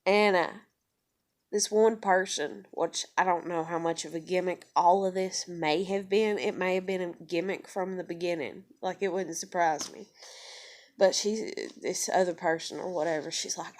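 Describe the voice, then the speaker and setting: A woman's voice: lowish voice, fairly even intonation, normal speed, slight background noise. A woman vlogger talking through a casual personal monologue, rambling with lots of fillers and heavy swearing.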